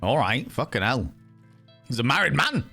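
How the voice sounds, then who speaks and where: A man's voice: medium pitch, very animated, moderate pace, vocal fry, sharp tone, breathy edge, soft background music. Joking, swearing man playing a game. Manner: joking, swearing, laughing, riffing. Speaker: streamer. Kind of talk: casual let's-play commentary.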